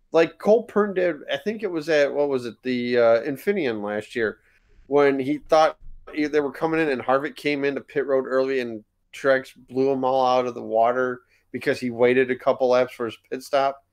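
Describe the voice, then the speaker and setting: A young man co-hosting a laid-back podcast, ranting with exasperation about something that annoys him. His voice sits at an everyday middle pitch, and he sometimes drops it low to keep quiet. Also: normal speed. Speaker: podcast co-host. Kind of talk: casual podcast rant.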